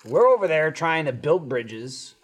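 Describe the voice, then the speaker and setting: A young man with a high, lively voice swings all over his range as he tells stories on a podcast. He slips into other voices to act out quotes and keeps the group chat joking. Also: unhurried, background noise. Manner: animated storyteller, acts out quotes. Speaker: podcast co-host.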